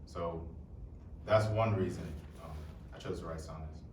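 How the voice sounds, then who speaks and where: Deep-voiced young man talking to a live crowd. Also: fairly even intonation, unhurried, a little mellow, slight background noise. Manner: casual, joking, addresses the crowd. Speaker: poet and presenter. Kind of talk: live talk to an audience. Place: room with a live audience. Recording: echoey room, voice heard from far off.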